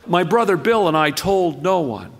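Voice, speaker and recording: A man reading a listener's story aloud on the radio, measured and expressive, with deliberate pauses. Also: high-pitched, gravelly, in a large hall.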